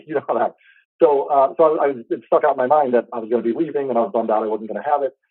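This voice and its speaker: Fast-talking earnest man on a tinny line. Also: medium pitch, breathy edge, no echo. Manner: fast, halting, with many restarts and fillers; earnest, heartfelt. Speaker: podcast host. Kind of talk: casual storytelling.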